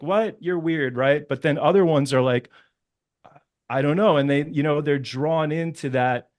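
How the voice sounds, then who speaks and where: Hesitant man searching for words. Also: mid-range voice. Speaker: dating coach. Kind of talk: casual panel chat.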